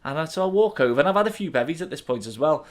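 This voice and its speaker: A man's voice: a little high, expressive, very fast. A man in his thirties with a Liverpool accent, co-hosting a podcast and telling a story with lots of laughter. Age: 30s. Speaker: podcast co-host. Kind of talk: casual storytelling chat.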